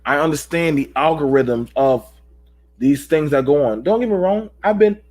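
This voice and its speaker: High-pitched preachy man talking to viewers. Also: moderate pace, darkish tone. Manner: preachy, rhetorical, talks to viewers. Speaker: channel host. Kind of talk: late-night monologue.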